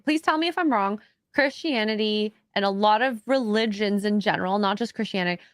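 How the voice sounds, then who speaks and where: Woman cohost chatting thoughtfully, medium pitch, dry close mic. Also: a little fast, no room sound. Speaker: co-host. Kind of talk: casual chat.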